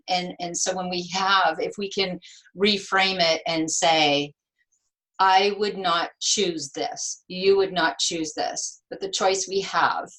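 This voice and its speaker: A woman's voice: lowish voice, poor audio. A woman in her fifties, a nurse and author, speaking earnestly as an interview guest and acting out the things people say. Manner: earnest, expressive, acts out quoted dialogue. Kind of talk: interview conversation.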